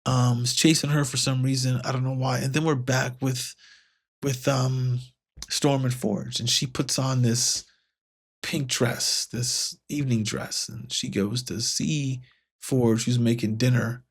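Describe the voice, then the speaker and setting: A comics podcast host casually reviews a comic book, rambling with lots of fillers and restarts. When he paraphrases the dialogue, he lightly raises his voice, which is otherwise mid-range, steady and unhurried.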